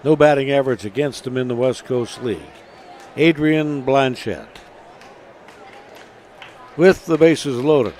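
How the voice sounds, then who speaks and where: Steady male baseball play-by-play announcer. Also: mid-range voice, unhurried, pauses often, a little hiss or hum.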